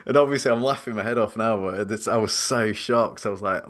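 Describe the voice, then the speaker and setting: A man on a podcast telling stories in a loose, rambling way. He speaks in a lowish voice, laughs easily and pokes fun at himself. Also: fairly quick, a bit bright. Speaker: podcast host. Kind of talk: casual storytelling chat.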